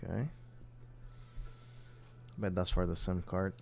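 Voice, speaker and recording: A man's voice: low voice, level tone, takes it slowly, creaky, darkish tone, slight background noise. A man from the southern United States chatting casually on a livestream while building a phone kit, rambling and thinking aloud as he works.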